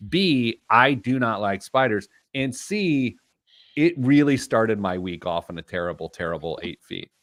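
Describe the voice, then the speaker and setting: A man's voice: lowish voice, measured pace, no echo. A man hosting a casual radio show, telling jokey stories on a studio mic. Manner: animated storyteller, jokey. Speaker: host.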